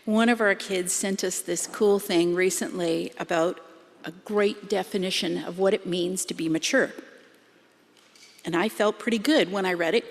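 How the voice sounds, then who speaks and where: A woman's voice: medium pitch, creaky. A middle-aged Canadian woman giving a sermon in a church, speaking in a chatty, self-deprecating way. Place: church sanctuary. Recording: long hall reverb.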